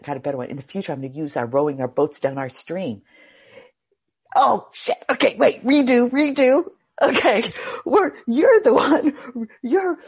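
A woman giving a casual spiritual talk on meditation. She tells a parable in an animated way, acts out the voices and swears now and then. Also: fairly high pitch, husky. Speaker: meditation teacher.

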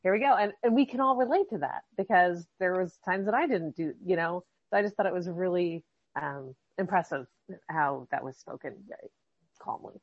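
Low-voiced woman sharing in a group. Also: lively intonation, moderate pace, dry recording, highs cut off. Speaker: group participant. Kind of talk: casual group discussion.

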